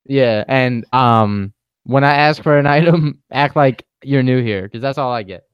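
A laid-back young man chatting casually with a smooth, clear voice at a middle pitch. He pokes fun at himself and laughs often. The sound is dry and close. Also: a little slow, no room sound, highs cut off. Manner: laid-back, self-mocking, laughs a lot. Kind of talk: casual chat.

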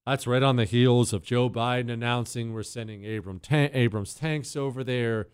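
A man hosting a talk radio show, riffing in an animated, sarcastic monologue. His voice is smooth and resonant, recorded close on a dry studio mic with no room sound. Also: moderate pace, no echo. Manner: animated, sarcastic, jumps to high silly voices and sound effects. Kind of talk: opinionated casual monologue.

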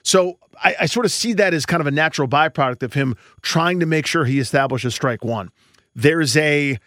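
The recording is clean studio sound with no room tone, carrying a man's fairly high, fairly bright voice. He co-hosts a baseball podcast, rambling thoughtfully through his views in casual sports talk and restarting his thoughts as he goes.

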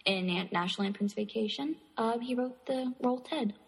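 A woman co-hosting a podcast, reading trivia items from a list in a relaxed way. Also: fairly high pitch, fairly quick, vocal fry, husky, big-room sound, low-quality recording. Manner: reads trivia from a list, laughs easily. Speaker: podcast co-host. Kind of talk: casual podcast chat.

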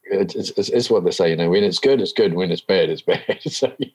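Deep husky New man. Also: fairly quick, low-quality recording. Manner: relaxed, rambling with many fillers and restarts. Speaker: guest, spearfisherman. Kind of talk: casual conversation.

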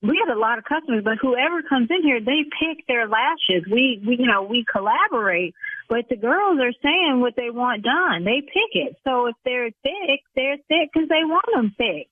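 A woman salon owner from the South Side, indignant and exasperated, speaking defensively and swearing on a call. Her voice is fairly high and husky. The sound is a tinny, dry phone line. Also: animated, normal speed, dry recording. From South Side of Chicago.

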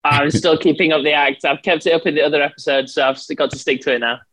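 A man with an English accent, a podcast guest chatting casually, relaxed and a bit hesitant with fillers. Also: fairly high pitch, quick pace, low-quality recording.

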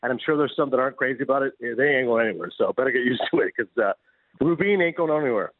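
A Canadian-born man, a guest sports broadcaster, telling stories in an animated, quick way on a casual sports radio show. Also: medium pitch, no echo. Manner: animated storyteller, quick, laughs often. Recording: tinny phone-line remote audio.

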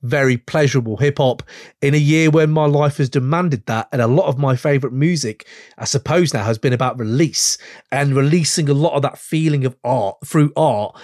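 Man, podcast host, enthusiastic, rambling, swearing, mid-pitched voice. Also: brisk, a little mellow, dry recording, studio quality. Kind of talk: casual chat.

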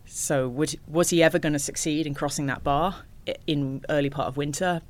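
A woman, an ocean rower, telling stories as a guest in a casual interview, animated and laughing often. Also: low voice, brisk.

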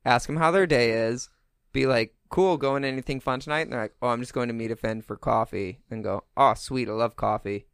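A man co-hosting a casual podcast chat, relaxed and rambling with lots of fillers. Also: medium pitch, brisk, vocal fry, smooth, dry recording, clean studio sound. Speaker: podcast co-host.

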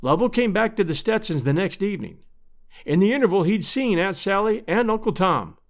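A man's voice: high voice, lively intonation, a little fast. A man reading an old-fashioned story aloud as narrator. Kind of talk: audiobook narration.

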